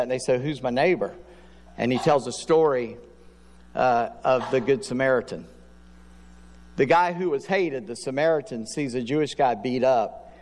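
A male pastor giving a sermon in a conversational preaching manner, with quick asides to his listeners. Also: mid-range voice, darkish tone, in a large hall.

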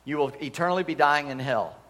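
A man's voice: fairly high pitch, quick pace, fairly bright tone. A man preaching a sermon in a church hall, telling stories with emphatic energy and humorous asides. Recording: long hall reverb.

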